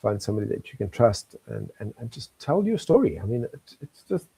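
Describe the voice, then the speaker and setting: A man's voice: medium pitch, very animated, a little fast, vocal fry, warm tone, slightly rough, poor audio. An older man from South Africa, a talk show guest telling his life story in an earnest, chuckling manner. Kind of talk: candid interview talk.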